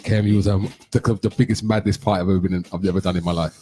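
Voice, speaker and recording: A middle-aged man hosting a radio chat, telling lively anecdotes and acting out what people said. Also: deep voice, very fast, husky. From London. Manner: animated anecdote telling, acts out quotes. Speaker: radio show host. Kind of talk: casual storytelling chat.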